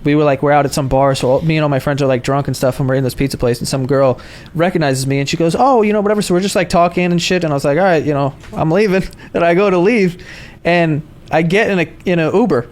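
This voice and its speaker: A podcast host in casual chat, telling a rowdy story, swearing and acting out the other people in it. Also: male voice, fairly high pitch, fast talker. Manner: animated storyteller, swears freely, acts out voices.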